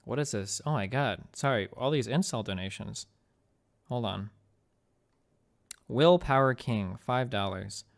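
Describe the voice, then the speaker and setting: A man's voice: mid-range voice, measured pace, gravelly, long pauses. A young man streaming, talking casually and bluntly with lots of swearing and rambling fillers. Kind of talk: casual profane chat on stream.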